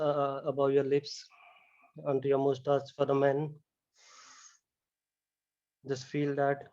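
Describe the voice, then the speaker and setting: A man leading a guided yoga relaxation, talking slowly and calmly with many "you know"s. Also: mid-range voice, muffled recording. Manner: slow, calm step-by-step guidance with frequent "you know". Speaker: yoga instructor. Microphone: camera mic.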